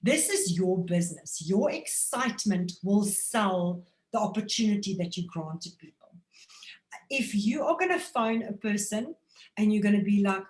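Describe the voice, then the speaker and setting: Lively woman coaching, echoey room. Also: mid-range voice. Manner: animated, acts out phone calls in quick voices. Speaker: network marketing trainer. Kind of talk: motivational training talk.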